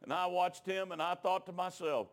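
A middle-aged man preaching, telling a personal story in a folksy, emotional way that rises into shouted preaching. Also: high voice, steady tone, moderate pace. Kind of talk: storytelling sermon.

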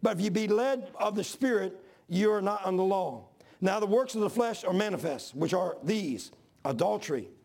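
Gravelly high-voiced preacher man. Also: animated, moderate pace. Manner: storytelling preacher, repeats phrases, rises to shouts. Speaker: pastor. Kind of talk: sermon.

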